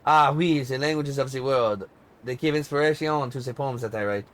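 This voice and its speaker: A man's voice: mid-range voice, normal speed, slight background noise, lightly acted. A pompous superstar diva, as a man playing her puts it on with a fake French accent and the twisted grammar of someone who thinks herself above everyone. She speaks with haughty, lofty grandeur, in a game read-along. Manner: haughty, grandiose, odd word order. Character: pompous eccentric female pop superstar.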